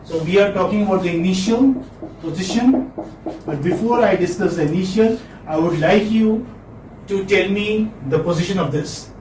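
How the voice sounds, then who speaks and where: A man's voice: high voice, normal speed, a little mellow, a little hiss or hum. A man teaching phonetics in a class, encouraging his students and repeating key terms. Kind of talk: classroom lecture. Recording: echoey room, far from mic.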